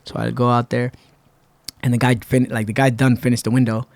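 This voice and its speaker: Man, podcast guest, animated storyteller, acts out voices, dry close studio sound, mid pitch. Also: fairly quick, vocal fry, no room sound. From Puerto Rico. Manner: animated, acts out friends' lines. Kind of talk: casual storytelling.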